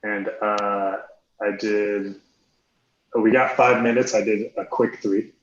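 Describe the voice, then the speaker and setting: A man's voice: lowish voice, fairly even intonation, takes it slowly, a little hiss or hum. A man doing a hesitant, self-deprecating stand-up set full of ums. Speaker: stand-up comic. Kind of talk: stand-up set on a live stream. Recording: echoey room, dull lo-fi stream audio.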